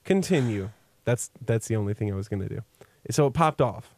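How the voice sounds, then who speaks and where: A man's voice: on the low side, lively intonation, a little mellow, no room sound, studio quality. Teasing male co-host. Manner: teasing, quick interjections. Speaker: co-host, radio-style show host. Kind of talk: casual chat.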